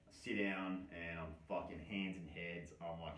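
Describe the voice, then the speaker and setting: A man telling a personal story casually, animated and full of swearing, with rambling asides. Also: deep voice, moderate pace, hardly any pauses.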